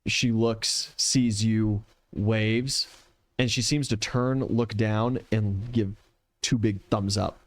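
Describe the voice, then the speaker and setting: A man narrating as game master in a relaxed, descriptive way. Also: on the low side, takes it slowly, dry recording.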